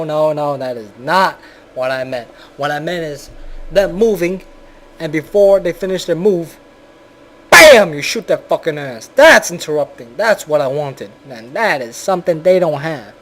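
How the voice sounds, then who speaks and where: A man's voice: on the high side, a little hiss or hum. A man giving a blunt, profane, rambling commentary on a video game.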